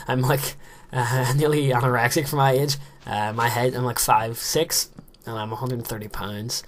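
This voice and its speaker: A teenage boy with a Northern Irish accent, rambling in casual chat while commentating his own game play. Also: mid-range voice. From Northern Ireland. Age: teens. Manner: rambling, chatty, many fillers. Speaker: let's play host.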